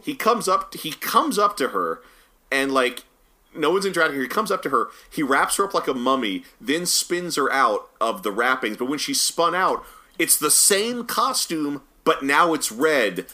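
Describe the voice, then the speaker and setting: A man's voice: a little high, sing-song, normal speed, pushed and bright. A man in casual conversation on a podcast, recapping a movie's plot in a rambling way and laughing as he goes. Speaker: podcast co-host. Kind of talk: casual film review chat.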